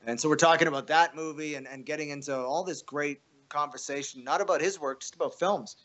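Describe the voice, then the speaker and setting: A man's voice: a little fast, a bit bright. A man telling a wild story in casual, profane conversation, acting out the quotes. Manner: profane, acts out quotes with pitch jumps. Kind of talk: animated storytelling.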